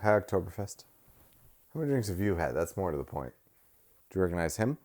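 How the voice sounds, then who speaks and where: Animated joking man, lively pitch. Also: fast. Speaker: co-host reviewing a movie. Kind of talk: casual chat while watching a film.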